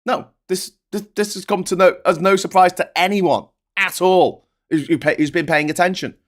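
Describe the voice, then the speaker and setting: A man's voice: high voice, steady tone, moderate pace, fairly bright tone. A man hosting a political livestream, ranting in an exasperated, sweary way. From United Kingdom.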